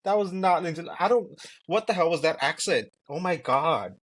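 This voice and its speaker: A man's voice: a little high, animated, normal speed, a bit bright. A man co-hosting a podcast who gives blunt opinions with a shady edge. He swears casually and says plainly what he didn't like. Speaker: podcast co-host. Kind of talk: casual chat recapping a reality show.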